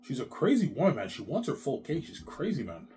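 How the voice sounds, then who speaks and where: A man in a rambling monologue, repeating himself, swearing and jumping between quiet mumbles and loud outbursts. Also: mid-range voice, huge pitch swings, a little fast, slight background noise. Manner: repetitive, restarts, keeps saying "man"; profane, agitated swings in loudness.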